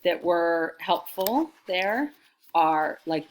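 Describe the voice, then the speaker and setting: A woman's voice: fairly low pitch, slow pace. A woman teacher reading a chapter book aloud and explaining it to her students in a remote lesson. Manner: chatty, explanatory, expressive reading.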